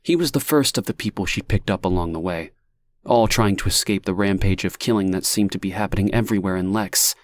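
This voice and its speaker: A man narrating an audiobook in a steady, measured reading. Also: low voice, dry recording. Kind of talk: scripted narration.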